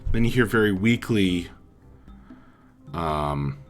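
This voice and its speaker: Slow, low-voiced male dungeon master. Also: animated, faint music behind. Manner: slow, halting narration with many fillers. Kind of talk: narrating a tabletop game.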